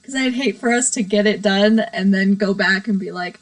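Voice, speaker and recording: A woman's voice: mid-range voice, lively intonation, measured pace, rough recording. A woman hosting a casual live stream from her bedroom, rambling, giggly and self-deprecating. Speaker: livestream host.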